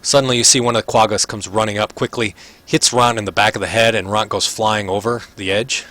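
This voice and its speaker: Bright-voiced, low-pitched male game master. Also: fairly even intonation. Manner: easygoing, many fillers, quick voices for figures. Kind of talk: narrating a tabletop game.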